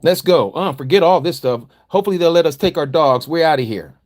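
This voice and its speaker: An American man teaching a Bible study livestream, preaching emphatically with rhetorical questions and conversational asides. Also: expressive. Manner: emphatic preaching that swings from low, slow reading to loud, fired-up exhortation.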